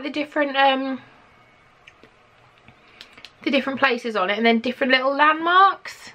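Excitable British woman, bright voice. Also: sits high. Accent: British English. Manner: excitable and gushing, with gasps and squeals. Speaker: vlogger. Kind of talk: unboxing chat to camera.

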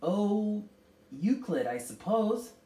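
A woman's voice: lowish voice, expressive, normal speed, a little mellow, voice pushed up, close to an everyday voice. A woman voicing an anxious, impatient teenage girl who pleads fearfully. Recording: roomy, distant mic.

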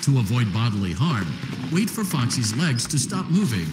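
A man voices a calm, formal repair instructor in a video game, reading out steps in a measured way. His delivery is lively in pitch. The voice sounds roomy and sits over steady game music. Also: lightly acted. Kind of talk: scripted game tutorial narration.

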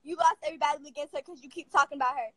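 A woman ranting to camera in a confrontational, profane, rapid-fire way. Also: sits high, dry recording, low-quality recording. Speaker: vlogger. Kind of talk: angry casual rant to camera.

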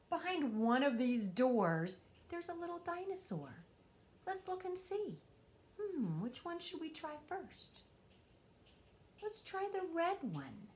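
Sing-song woman reading to kids. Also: sits high. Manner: sing-song, expressive, drops to a whisper at times. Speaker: storytime host. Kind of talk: reading a picture book to children.

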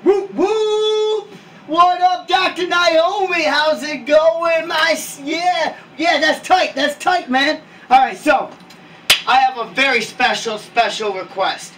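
Casting: a man as a very high, bright, shouty hype man, recorded far from a hissy mic. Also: slow, heavily acted. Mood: hyped. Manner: shouty, excitable, slangy. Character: loud hyped-up male wrestling hype man. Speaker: wrestling staff character. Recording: distant mic with hiss.

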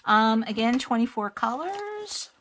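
Unhurried lady chatting thru a craft unboxing at home, laughs a lot, pokes fun at herself. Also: a little high, big pitch swings, a bit bright, a little hiss or hum. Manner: chatty, self-deprecating, laughs often, muses aloud. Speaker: crafting vlogger. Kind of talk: casual unboxing chat.

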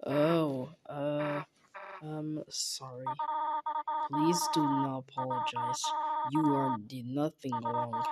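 A woman voicing soft, sorrowful Toriel. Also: low-pitched, lively intonation, noisy background, voice pushed down. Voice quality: soft, quiet and hushed. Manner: formal, halting, apologetic speech. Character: gentle, sorrowful motherly caretaker woman. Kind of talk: fan game dialogue read aloud.

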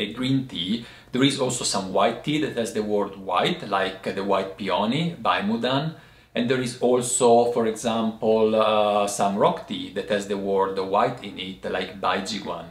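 In an echoey room, a tea teacher with a medium-pitched, gravelly voice gives a lesson on language and tea, explaining tea words. He goes patiently, step by step, pausing often.

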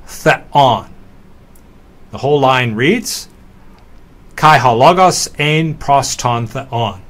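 A middle-aged man teaching a recorded slideshow lesson, slowly sounding out words syllable by syllable. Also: medium pitch, a bit bright. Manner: slow, deliberate, sounding out words.

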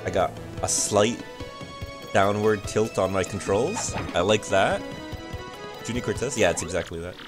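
A young man giving joking, casual commentary while streaming a video game, excitable and swearing often. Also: fairly low pitch, normal speed. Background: game music.

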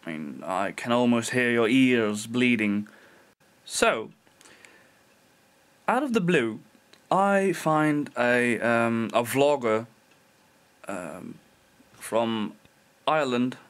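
A man's voice: medium pitch, expressive, slow pace, long pauses. A young Dutch man, a non-native English speaker, rambling self-mockingly in a casual vlog. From Netherlands. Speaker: vlogger.

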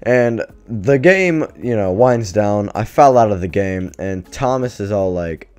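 A man's voice: on the low side, animated, measured pace, a little mellow, smooth, no room sound. A man vlogger telling a story casually, swearing a lot and sounding exasperated. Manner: profane, exasperated, rambling.

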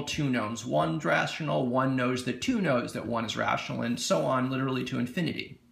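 Gravelly, animated male lecturer. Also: a little high. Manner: informal, repeats words, asks "right?". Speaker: economics lecturer. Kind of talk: recorded lecture explaining game theory.

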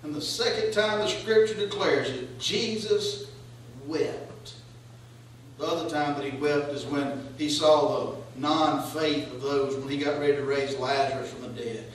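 Man preaching, high voice, booming echo, distant from the mic, faint hiss. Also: steady tone, normal speed. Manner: preaching with rising, questioning cadence. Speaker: pastor. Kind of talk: sermon. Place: church sanctuary. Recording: echoey church hall, voice from far off.

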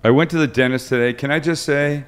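A man's voice: mid-range voice, fairly even intonation, clean tone. A man hosting a live cooking webcast, telling jokey stories in casual banter. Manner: joking storyteller, quick asides. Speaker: cooking show host.

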